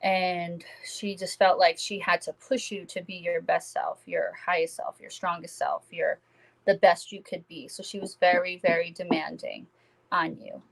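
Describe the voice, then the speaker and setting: Gentle woman medium giving reassuring readings. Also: lowish voice, steady tone, unhurried, vocal fry, rough recording. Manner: gentle, reassuring, addresses viewers by name. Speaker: psychic medium. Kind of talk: live-stream spirit reading.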